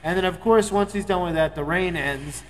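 A man co-hosting a podcast, telling a long casual story and acting out the people in it with a raised, animated voice. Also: high-pitched, normal speed, a little hiss or hum, poor audio.

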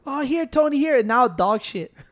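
Fast-talking man ranting with jokes. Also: very high-pitched, lively intonation. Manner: brisk, profane joking rants. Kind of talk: casual chat.

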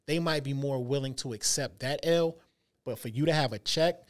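A man's voice: medium pitch, moderate pace. A man co-hosting a podcast, explaining points in a colloquial, emphatic way. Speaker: podcast co-host. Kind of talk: casual chat.

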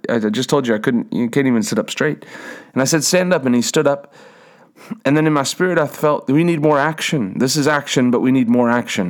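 A young man preaching a sermon, telling a personal story with emphatic repetition and frequent restarts. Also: medium pitch. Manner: emphatic, repeats phrases, restarts words.

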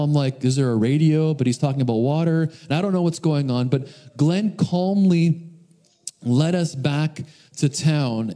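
A man's voice: medium pitch, warm tone. A man preaching a sermon, telling a personal story in a casual, storytelling way with frequent restarts. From North America. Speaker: pastor.

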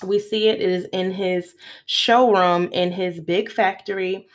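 A woman hosts a casual podcast episode recapping a film. She tells the story with lively energy, slips into the characters' lines and laughs often along the way. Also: mid-range voice, a little slow. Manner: animated retelling with acted-out quotes; laughs often while talking. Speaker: podcast host.

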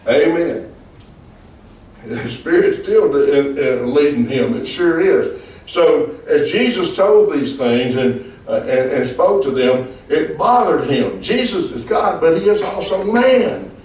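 A male pastor teaching a Bible study, his voice a touch higher than most men's. He preaches emphatically and keeps calling on the group for "Amen?" replies. The sound is very echoey and picked up from far off. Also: lively intonation, slow pace, darkish tone. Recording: echoey room, far from mic.

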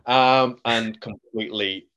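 A young man, an actor, telling a story in casual chat, relaxed, with many fillers and laughs. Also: mid-range voice, slow, smooth, highs cut off. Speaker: actor, guest.

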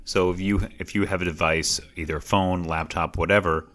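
Male podcast co-host, very deep voice, relaxed and plainspoken. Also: a little fast. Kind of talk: casual podcast chat.

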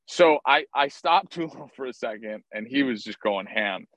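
A man telling a lively story from his playing days, swearing freely and acting out what people said. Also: mid-range voice, moderate pace, dry recording, low-quality recording. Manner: animated, profane, acts out quotes. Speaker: former baseball player, guest. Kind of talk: casual storytelling interview.

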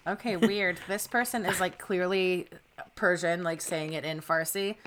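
A woman's voice: on the low side, steady tone, unhurried, fairly bright tone. A woman co-hosting a podcast in casual chat, chatty, giggly and self-deprecating. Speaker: podcast co-host.

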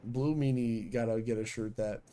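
A man's voice: medium pitch, steady tone, moderate pace, dark tone. A man co-hosting a podcast in casual chat, teasing and swearing freely. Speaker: podcast co-host.

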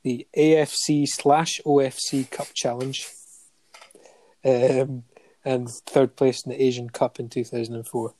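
In casual chat, a man with a mellow, medium-pitched, level voice reads out a football player's honours at an unhurried pace. He lists the stats steadily, with many ums and chuckles.

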